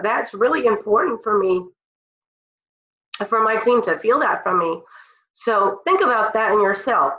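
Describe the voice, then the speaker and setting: A woman's voice: mid-range voice, animated, measured pace, long pauses. A woman with a cold, leading her team on a call in an earnest, emotional, motivational way. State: congested from a cold. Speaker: team leader speaking on a call. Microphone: phone or computer on a call. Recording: roomy, dull lo-fi call audio.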